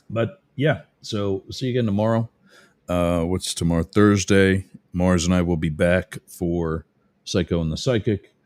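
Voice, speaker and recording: Deep-voiced man signing off a show. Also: darkish tone. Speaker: podcast host. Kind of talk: casual show sign-off.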